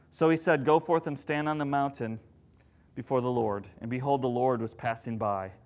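A man preaching a sermon, moving between loud, animated retellings and hushed, gentle passages. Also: medium pitch.

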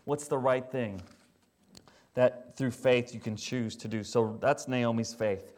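A man preaching a sermon in a conversational, animated way. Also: medium pitch, a little slow. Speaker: pastor.

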